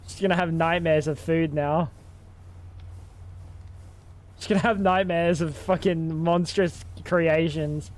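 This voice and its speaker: A man's voice: fairly high pitch, steady tone, slow pace, long pauses. Profane, rambling male game streamer. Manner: rambling, profane, thinking aloud. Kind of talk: casual livestream chat while gaming.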